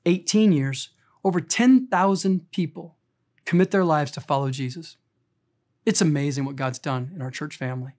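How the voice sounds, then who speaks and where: A man in his fifties preaching a sermon as pastor, impassioned and emotional, swinging between loud emphatic lines and quiet confiding ones. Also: fairly high pitch. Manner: emotional, speaks of being easily choked up.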